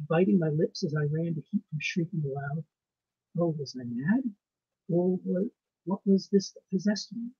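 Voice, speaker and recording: A man reading his ghost story aloud with a measured, suspenseful delivery and pauses. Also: on the high side, a little mellow, husky, dry recording. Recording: muffled lo-fi recording.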